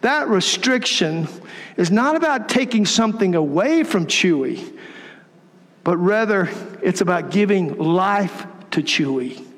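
A man preaching a sermon as pastor, earnest and measured. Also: sits high, lively intonation, a bit bright. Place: church sanctuary. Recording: long reverb in a large hall.

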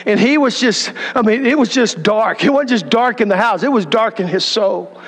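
Guy preaching, high voice, lots of questions to the crowd, long church echo. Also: normal speed, a bit bright. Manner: conversational storytelling preaching with rhetorical questions. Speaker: pastor. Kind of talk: sermon. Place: church sanctuary.

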